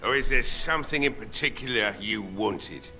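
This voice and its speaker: A gruff drunk old blacksmith. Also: male voice, fairly low pitch, moderate pace, pushed and bright, faint music behind. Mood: wry. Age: older. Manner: gruff, weary and bitter. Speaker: game character.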